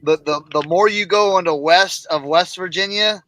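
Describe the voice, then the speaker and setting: A man chatting excitably on a panel of resellers, restarting and repeating words often. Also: high voice, moderate pace. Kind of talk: casual group chat.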